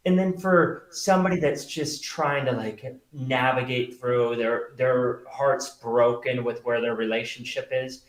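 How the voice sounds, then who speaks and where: Middle-aged man, earnest storyteller, mid-pitched voice, roomy echo. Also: fairly even intonation, a little slow, hardly any pauses. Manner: earnest, storytelling, many fillers. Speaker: guest, magician and pastor. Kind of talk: conversational interview.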